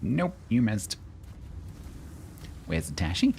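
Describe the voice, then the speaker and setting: A man streaming live gameplay and commenting as he plays, chatty and breaking into sudden excited exclamations. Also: mid-range voice, takes it slowly, vocal fry, slight background noise. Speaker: game streamer.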